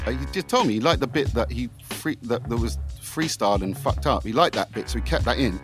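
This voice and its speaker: A man's voice: medium pitch, animated, fast, few pauses, over music. A middle-aged man, a podcast guest, telling anecdotes with gusto, swearing freely and acting out the scenes he describes.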